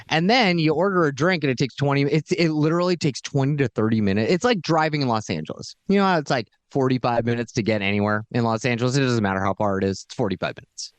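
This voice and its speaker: A man in casual podcast chat, telling long rambling stories with animated delivery. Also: medium pitch, dry recording.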